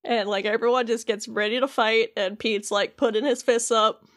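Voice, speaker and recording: A woman's voice: fairly high pitch, steady tone, moderate pace, a bit bright. A woman co-hosting a podcast, chattily recapping a video game with lots of fillers. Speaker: podcast co-host.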